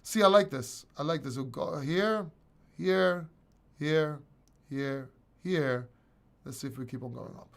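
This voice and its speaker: A man's voice: fairly high pitch, takes it slowly, vocal fry, long pauses. A man hosting a casual crypto livestream, reading and answering chat questions in a blunt, rambling way with restarts and swearing.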